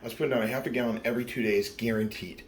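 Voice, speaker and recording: A man's voice: mid-range voice, fairly even intonation, very fast, slight background noise. A very tired man in his thirties rambling through a late-night confessional vlog, profane and full of fillers. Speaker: vlogger.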